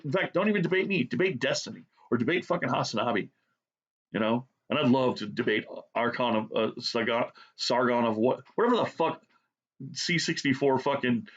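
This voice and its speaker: Brief: blunt, sarcastic man on a profane rant, mid-pitched voice, muffled lo-fi recording. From United States. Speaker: art vlogger. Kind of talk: profane rant while drawing.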